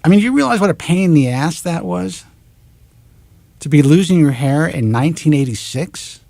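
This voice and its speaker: A man in his forties with a New York accent, hosting a talk show and ranting in an animated, exasperated monologue into a close studio mic. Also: a little high, moderate pace, gravelly, no room sound. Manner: animated, exasperated, swears in clipped letters.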